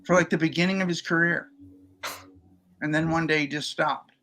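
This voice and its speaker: A male podcast co-host with a fairly high, forceful, bright voice. He tells loose, anecdotal stories in easy, casual chat. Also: normal speed. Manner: relaxed anecdotal storytelling.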